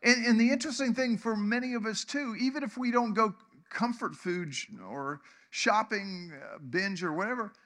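Pastor, 60s, high bright voice, chatty sermon delivery with lots of questions to the room. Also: male voice, normal speed, hardly any pauses. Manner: conversational, asks the congregation questions, chuckles often.

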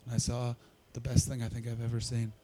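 A man doing a stand-up comedy set and chatting with the crowd, hoarse from losing his voice, loud and sweary, with sudden leaps into a shrieking high register. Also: completely flat delivery, a little fast, a little hiss or hum.

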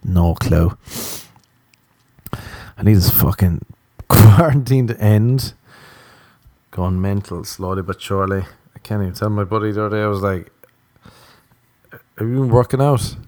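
A man's voice: on the low side, moderate pace, pauses often, dark tone, dry recording. A man hosting a comedy podcast, ranting in a profane, sarcastic monologue into a close mic. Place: Los Angeles home recording.

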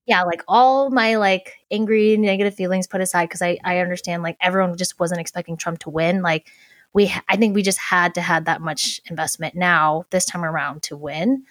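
A woman's voice: lowish voice, steady tone, normal speed, no room sound, clean studio sound. A young woman who volunteered on a campaign, chatting casually and rambling with lots of filler words. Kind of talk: casual chat.

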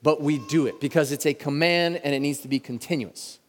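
A man in his thirties preaching a sermon in a church, talking in a conversational way and slowing down to stress key words. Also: on the high side. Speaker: pastor. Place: church sanctuary. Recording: reverberant church hall.

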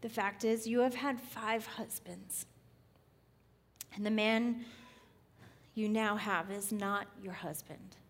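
A woman preacher voicing a calm male teacher in a slow, soft, measured way. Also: mid-range voice. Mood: gentle.

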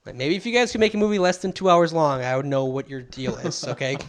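A man's voice: on the high side, fast talker, a little hiss or hum. A man co-hosting a casual podcast, teasing and sarcastic. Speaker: podcast co-host. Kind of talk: casual chat.

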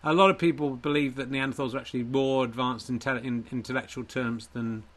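A man playing a Neanderthal character, talking slow and deadpan about losing. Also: mid-range voice, lightly acted. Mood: glum. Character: Neanderthal version of host, male, gloomy, self-mocking.

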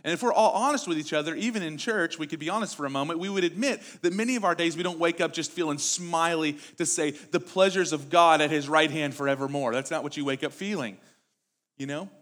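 A man's voice: a little high, quick pace, a bit bright. A young adult man preaching a sermon in a church, talking conversationally and asking the congregation rhetorical questions. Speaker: pastor.

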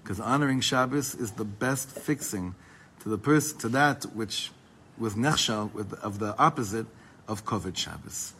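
A man's voice: fairly low pitch, measured pace, bright, forceful tone, a little hiss or hum. A man teaching a Torah class as a rabbi, speaking emphatically and mixing Hebrew terms into his English.

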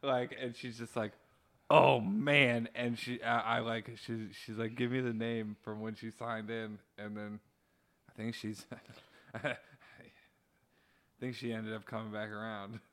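Podcast guy with a bright voice, gets excited and jumps up telling stories. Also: medium pitch, measured pace. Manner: excitable, voice jumps up when retelling. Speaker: podcast co-host. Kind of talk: casual storytelling chat.

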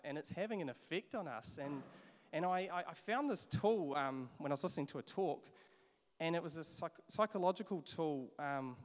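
A man in his forties with a New Zealand accent, preaching a sermon and telling stories in an animated way, with repeated restarts. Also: fairly high pitch. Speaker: pastor. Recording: long hall reverb.

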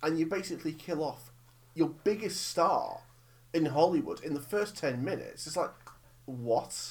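Animated ranting film chat voice. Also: mid-range voice, normal speed. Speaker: podcast host. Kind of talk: casual chat about films.

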